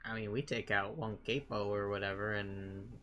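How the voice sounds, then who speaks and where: A man playing a tabletop game, talking in an excitable, rambling way. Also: on the low side, moderate pace, muffled recording, crowd noise. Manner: excitable, rambling, self-mocking. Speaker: player. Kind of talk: casual tabletop game chat.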